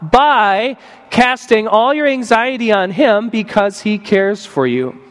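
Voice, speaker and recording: A man pastor delivering a sermon in an earnest way, acting out the words of imagined speakers and slowing down for emphasis. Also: sits high, lively intonation. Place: church sanctuary. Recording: long church reverb.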